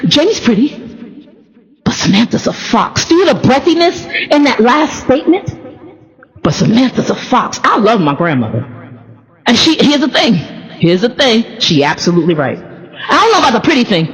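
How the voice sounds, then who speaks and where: Woman preacher, animated storytelling testimony, wide-ranging pitch, long hall reverb. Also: normal speed, lo-fi sound. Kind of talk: sermon testimony.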